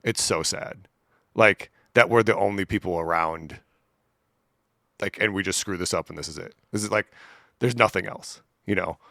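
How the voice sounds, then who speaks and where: A man co-hosting a podcast in casual chat, musing in a gloomy way. His voice is very low and gravelly with a bright edge. The sound is close and dry. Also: moderate pace, no echo. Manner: gloomy, musing, many fillers. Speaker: podcast co-host.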